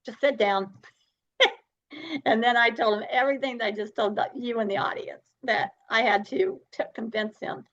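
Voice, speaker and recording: Animated woman telling her story. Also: on the high side, normal speed, dull audio. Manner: animated, acts out dialogue, laughs often. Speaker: podcast guest. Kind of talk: storytelling interview.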